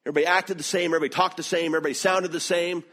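Man, southern accent, middle-aged, preaching, lively storytelling. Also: rapid-fire. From American South. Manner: animated storytelling with lively swings in pitch. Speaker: pastor. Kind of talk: sermon.

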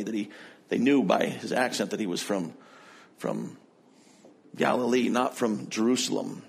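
Storytelling preacher, middle pitch. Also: male voice, creaky, husky. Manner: storytelling, retelling scripture conversationally. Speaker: pastor. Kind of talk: sermon.

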